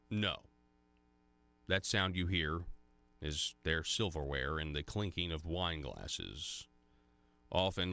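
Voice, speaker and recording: A man's voice: fairly low pitch, fairly bright tone, clean tone, dry recording. A man hosting talk radio, giving pointed commentary full of rhetorical questions and sarcasm, stumbling when he goes off script. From Arkansas.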